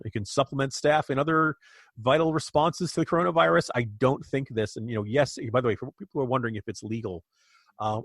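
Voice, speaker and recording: A man's voice: mid-range voice, dry recording, studio quality. An American man co-hosting a political podcast, speaking emphatically and indignantly with frequent restarts. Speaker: podcast co-host. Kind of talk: political commentary.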